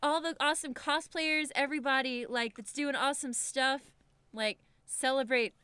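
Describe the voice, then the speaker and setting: Woman, podcast co-host, giggly, playful rambling, fairly high, bright voice. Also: fairly even intonation, moderate pace, no room sound. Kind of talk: casual comedic podcast chat.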